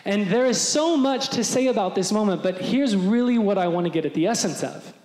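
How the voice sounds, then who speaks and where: A man preaching a sermon as pastor, animated and acting out the voices of crowds. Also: high-pitched, a little fast. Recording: echoey hall with long reverb.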